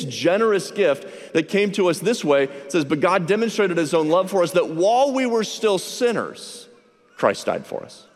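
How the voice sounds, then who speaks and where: A male pastor preaching an earnest, emphatic sermon, slowing down to stress key phrases. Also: high-pitched, in a large hall.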